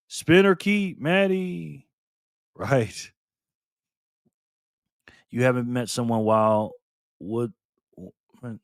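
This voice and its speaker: A man's voice: medium pitch, no room sound, clean studio sound. A man hosting a live stream in a casual chat style, reading viewer comments aloud, laughing often and cheering on players. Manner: laughs often, loose and playful.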